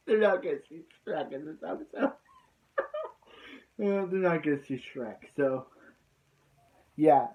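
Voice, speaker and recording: A man's voice: fairly high pitch, huge pitch swings, takes it slowly, long pauses, darkish tone, low-quality recording. A man giving a casual, rambling recap of an anime episode, leaning on filler words like "so yeah.".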